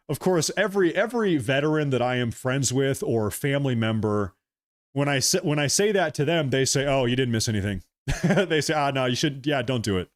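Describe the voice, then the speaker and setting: Reading viewer super chats aloud on his livestream, a man rambles casually, repeats himself, and keeps offering thanks. His mid-range voice comes through in clean studio sound with no room ambience.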